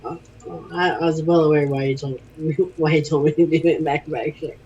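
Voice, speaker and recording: A man's voice: a little high, level tone, a little fast, darkish tone, slight background noise. A man playing a tabletop game, reacting nervously and laughing often in casual chat. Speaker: player. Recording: dull lo-fi mic.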